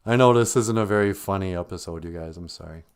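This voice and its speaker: A man hosting a live stream, talking casually about grief with gentle, self-deprecating humor while holding back tears. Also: low-pitched, fast talker, smooth. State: close to tears.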